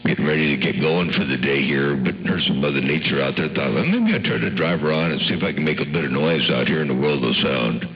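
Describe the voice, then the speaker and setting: A man's voice: extremely low pitch, expressive, fast talker, few pauses, dull audio. A man on the CB radio, chatting in a folksy, drawling way full of radio lingo. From US West Coast. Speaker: CB radio operator. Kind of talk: casual CB radio chat.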